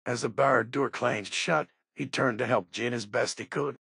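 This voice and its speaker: Male audiobook reader, slightly husky tone, dry close sound, steady narration. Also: mid-range voice, moderate pace, no echo. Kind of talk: scripted narration.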